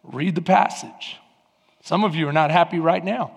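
A man's voice: a little high, normal speed, gravelly. A man preaching a sermon as pastor, fervent and emphatic. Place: church sanctuary. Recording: long hall reverb.

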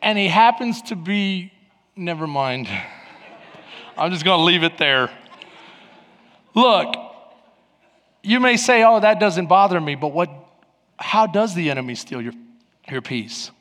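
High bright pastor preaching in a hall. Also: male voice, lively intonation, measured pace, long pauses. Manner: storytelling, acts out scenes, gets loud when worked up. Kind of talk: sermon. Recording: long hall reverb.

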